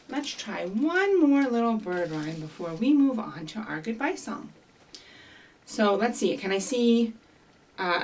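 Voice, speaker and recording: A woman reading a picture book aloud and leading rhymes for young children, in an animated, sing-song way with bright bird calls and prompts to join in. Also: medium pitch. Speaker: children's librarian leading story time. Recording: voice from some distance from the mic.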